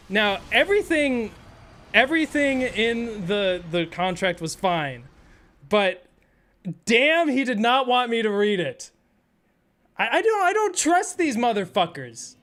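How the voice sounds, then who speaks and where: A man's voice: very high-pitched, very animated, slow, fairly bright tone. A man streaming a game and telling a rambling, profane, sarcastic story in casual chat. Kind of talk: casual storytelling while gaming.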